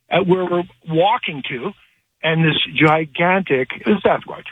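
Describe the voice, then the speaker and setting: Heard over a telephone line, a man calls in to a radio show and tells a story in a rambling, animated way, restarting often. His voice is fairly high and husky, at a measured pace, on a dry recording.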